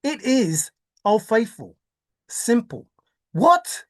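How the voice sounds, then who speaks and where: Woman, solo vlog rant, slow and very animated, exclaiming, melodramatic. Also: medium pitch. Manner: theatrical, exclaiming, mock-despairing, repetitive. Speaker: treasure hunt video maker. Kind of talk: excited solo monologue.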